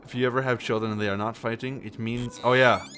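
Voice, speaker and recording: A man's voice: medium pitch, fairly even intonation, fast talker, fairly bright tone, faint music behind. A man livestreaming a detective game, chatting casually, laughing and quoting lines from the series. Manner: playful, quotes lines in silly voices, laughs often. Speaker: streamer playing a detective game.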